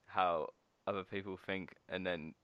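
A man's voice: low voice, steady tone, a little slow, clean tone, dry recording. A man hosting a podcast, laid-back and joking, laughing often. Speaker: podcast host. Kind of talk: casual podcast conversation. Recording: slightly dull podcast audio.

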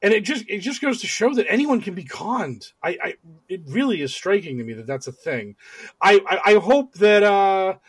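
A man's voice: high-pitched, big pitch swings, normal speed, slightly rough, dry recording. A man co-hosting a podcast, chatting casually in a sarcastic, ranting way, with many fillers and restarts. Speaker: podcast co-host. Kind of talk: casual political banter.

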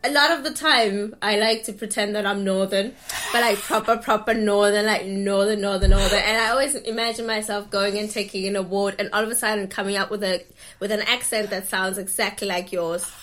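A woman's voice: mid-range voice, steady tone, brisk, bright, forceful tone, soft background music. A woman hosting a podcast in casual, enthusiastic interview chat, often laughing. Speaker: podcast host.

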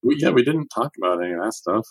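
A man's voice: on the low side, animated, fast, husky, dry recording, low-quality recording. A man who is a novelist, chatting as a podcast guest in a dry, understated way. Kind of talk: casual chat.

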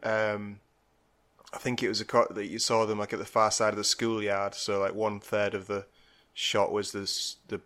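A man co-hosting a podcast in casual film chat, talking hesitantly with many pauses and trailing phrases. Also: lowish voice, little pitch movement, fairly bright tone. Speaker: podcast co-host.

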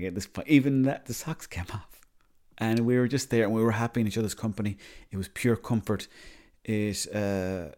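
A man with an Irish accent telling a rambling comic story in a deadpan, matter-of-fact way, stopping and correcting himself as he goes. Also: lowish voice. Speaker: comedy character monologue.

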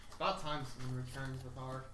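A man co-hosting a casual podcast who chimes in with quick, teasing remarks. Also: medium pitch, steady tone. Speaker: co-host. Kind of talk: casual chat. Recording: echoey room with clear hiss.

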